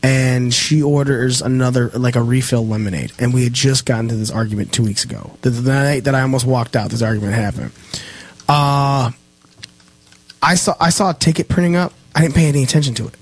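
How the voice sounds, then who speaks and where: A young man with a medium-pitched voice speaks fairly quickly on a casual podcast. He retells a story in a heated, animated way, swearing constantly throughout.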